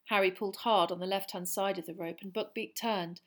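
Woman narrator, storybook reading, steady, mid pitch. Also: brisk. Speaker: audiobook narrator.

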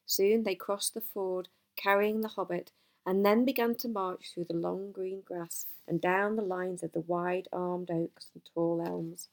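A woman narrating a storybook in a calm, measured reading. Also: lowish voice. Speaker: audiobook narrator.

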